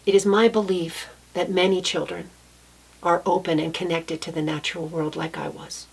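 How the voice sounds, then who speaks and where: A woman with a fairly low voice tells a story from her own childhood. She speaks softly and thoughtfully, pausing to correct herself now and then. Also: fairly even intonation, vocal fry, husky. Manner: soft-spoken, reflective, with small restarts. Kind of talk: personal storytelling.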